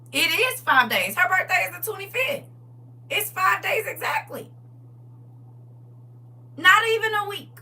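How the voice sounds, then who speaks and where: Animated, laughing middle-aged woman. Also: sits high, distant mic. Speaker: live stream host. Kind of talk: casual chat.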